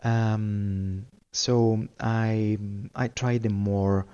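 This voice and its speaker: A man's voice: lowish voice, level tone, drawn-out words, mellow, clear, resonant tone, highs cut off. A man talking as a podcast guest in a casual chat, hesitant and full of fillers.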